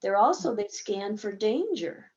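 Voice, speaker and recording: A woman's voice: mid-range voice, sing-song, measured pace, a little mellow, highs cut off. A woman therapist explaining a game in a conversational teaching talk, acting out bits of dialogue as examples.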